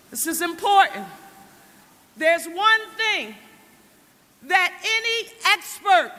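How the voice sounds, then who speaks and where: A woman mayor, shouting a rally speech and leading the crowd in call and response. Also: very high voice. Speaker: city mayor speaking at a rally. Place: large indoor rally hall with cheering crowd. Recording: echoey hall, roaring crowd.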